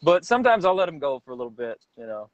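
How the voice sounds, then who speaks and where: A man guest telling stories in a casual interview, rambling and halting as he goes. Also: a little high, very animated, no room sound. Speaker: guest, celebrity impersonator. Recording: dull, dry lo-fi sound.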